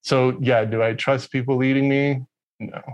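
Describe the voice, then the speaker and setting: A man's voice: mid-range voice, level tone, normal speed. Man swearing through a rambling story. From Texas. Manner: rambling, profane, many fillers. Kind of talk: casual storytelling in conversation.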